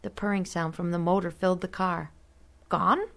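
Woman narrating an audiobook, lowish voice. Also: level tone, fairly quick.

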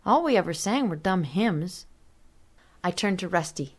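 A woman reading a story aloud as narrator in a steady, measured way. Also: fairly low pitch. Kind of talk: audiobook narration.

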